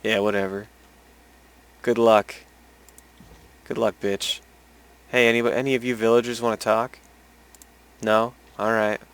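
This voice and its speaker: A man's voice: fairly low pitch, flat delivery, a little slow, pauses often, clean tone, rough recording. A man casually commenting while playing a role-playing game, offhand and sarcastic, with some swearing. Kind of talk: let's play commentary.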